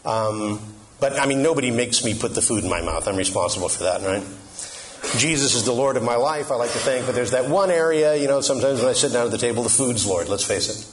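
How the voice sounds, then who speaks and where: A man's voice: mid-range voice, lively intonation, fast talker, a little hiss or hum. A middle-aged man giving a humorous Catholic talk to an audience, joking and asking them questions in a conversational way. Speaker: Catholic speaker.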